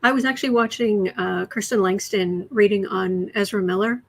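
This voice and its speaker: A woman hosting a casual tarot livestream from home, chatty, often dropping to soft whispers. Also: mid-range voice, fairly even intonation, normal speed, gravelly. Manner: chatty, soothing her cat in soft whispers between remarks. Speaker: astrology and tarot livestream host. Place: home room.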